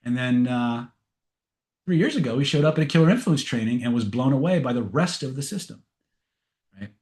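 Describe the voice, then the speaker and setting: A man's voice: medium pitch, expressive, fairly quick, darkish tone. Casual-talking male hypnosis trainer. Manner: conversational, many fillers and restarts, frank asides. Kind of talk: webinar teaching talk.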